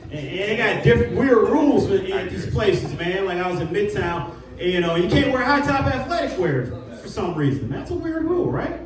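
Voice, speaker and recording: Captured from a distance with roomy club acoustics, crowd noise and audience laughter, a Detroit stand-up comic works a live comedy club stage. He talks in a high-pitched, very animated voice at a brisk clip, keeping it loose and conversational and often dropping in "you know" and "man."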